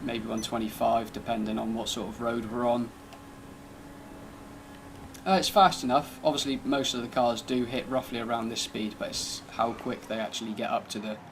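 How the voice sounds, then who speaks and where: A man's voice: mid-range voice, moderate pace, background noise. A man giving casual, laid-back commentary over gameplay, thinking aloud as he drives and tests a car. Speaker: gaming channel host.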